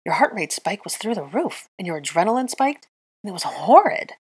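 A woman voicing a sharp-tongued, exasperated young witch who turns shrill and sarcastic when indignant. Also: big pitch swings, a little fast, slightly rough, heavily acted.

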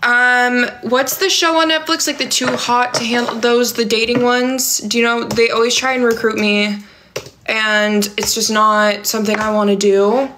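A woman's voice: on the high side, little pitch movement, normal speed, pushed and bright, slight background noise. A young woman chatting on a livestream, reading viewer comments aloud and answering them in a rambling way, with lots of "like" and "um". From California. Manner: rambling and filler-heavy, many "like" and "um". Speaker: livestream host.

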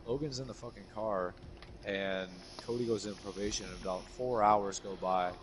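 A man's voice: on the low side, moderate pace. A young man chatting casually while playing a video game, telling stories with plenty of swearing. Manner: swearing, animated storyteller. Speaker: streamer. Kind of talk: casual chat while gaming. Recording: game noise behind. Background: video game sounds.

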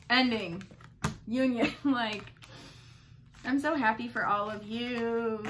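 A woman's voice: on the high side, sharp tone, a little hiss or hum. A woman giving a casual tarot reading, chatty and bubbly, rambling with fillers and playful asides. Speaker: tarot reader.

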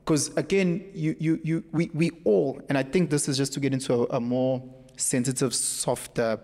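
A man with a South African accent, speaking as a podcast guest in an emphatic, animated storytelling way. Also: medium pitch, moderate pace. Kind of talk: casual conversation. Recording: echoey room with long reverb.

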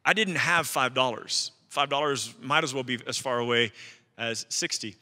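A man's voice: medium pitch, normal speed, pushed and bright, long reverb tail. A man preaching a sermon as a pastor, telling a personal story in a conversational way with asides to the congregation. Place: church sanctuary.

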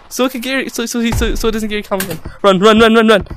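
A young man chatting during a game, excitable and panicky, saying bro constantly. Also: high voice, very fast, a little hiss or hum. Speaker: gaming video creator. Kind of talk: casual gameplay chat.

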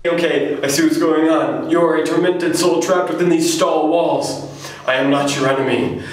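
A man's voice: a little high, steady tone, moderate pace, slight background noise, natural voice. Comic sketch bit: a man playing a rattled guy in the next stall, slightly raised voice, very echoey and distant. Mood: solemn pleading. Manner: nervous then mock-solemn pleading. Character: startled man in the next bathroom stall, earnestly pleading. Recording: very echoey room, mic far off.

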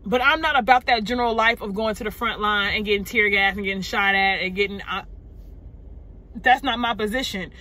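A woman, venting unscripted to her viewers from a parked car. She is upset and shaken, sighing, halting and repeating words. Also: medium pitch, sharp tone. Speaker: vlogger. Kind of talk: unscripted emotional vent to camera. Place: parked car in a parking lot.

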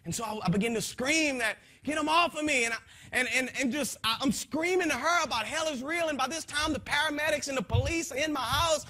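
A man giving an impassioned spoken testimony to a gathering in a folksy, rambling way, his voice swinging from soft to loud. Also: very high-pitched, brisk. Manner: folksy, rambling, with frequent restarts.

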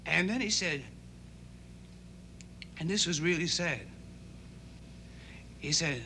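A young actor playing an earnest, idealistic teenage boy in a 1960s TV drama. He talks in a halting, rambling way full of restarts. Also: a little high, pushed and bright, a little hiss or hum, heavily acted.

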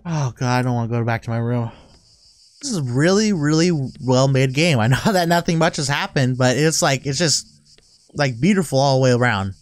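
A man hosting a gaming channel, playing a horror game with excitable, swearing commentary. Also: medium pitch, a little fast, no room sound. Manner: excitable, swearing, laughing asides. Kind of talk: let's play commentary.

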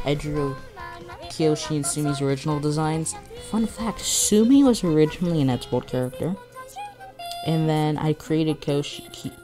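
A casual vlogger with a mid-range voice, rambling along in a giddy way and often restarting sentences. They talk through a headache in a loose, offhand manner. Soft music plays faintly underneath. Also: mid-range voice. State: has a headache. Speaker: video creator. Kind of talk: casual vlog commentary.

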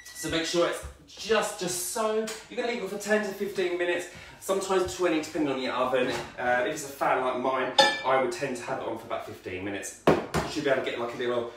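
A man's voice: fairly high pitch, quick pace. A man hosting a casual home baking vlog, joking and swearing freely. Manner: animated, jokey, swears freely. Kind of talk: casual cooking vlog banter. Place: home kitchen. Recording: echoey kitchen, distant mic, noisy.

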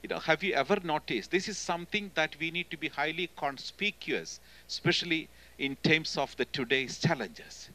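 A man with an Indian accent preaching a sermon in church as a guest speaker, emphatic and swinging between loud and hushed delivery. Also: a little high, normal speed, few pauses, rough recording. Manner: emphatic, often calling "hello?" to the congregation.

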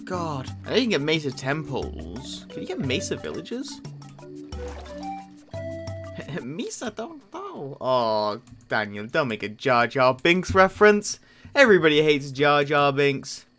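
A man talks through his gameplay as a YouTuber in casual, self-mocking commentary. His pitch swings widely, rising and falling in an animated way. He is excitable and breaks into loud outbursts. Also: measured pace, music in the background. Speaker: gaming YouTuber.

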